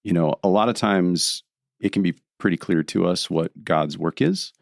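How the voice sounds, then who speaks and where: A man speaking as a podcast guest, explaining his thoughts in a reflective, unhurried way. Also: low voice, vocal fry, dry recording, studio quality. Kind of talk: casual podcast conversation.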